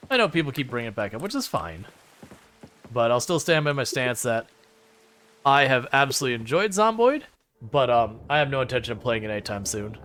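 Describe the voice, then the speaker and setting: A chatty male streamer rambles through a game at a desk mic, his pitch rising and dropping as he talks to chat. He drifts into sarcastic asides in a casual, unscripted way. A faint hiss sits under the recording. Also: big pitch swings, fairly quick, a bit bright. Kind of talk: casual live-stream chat while playing.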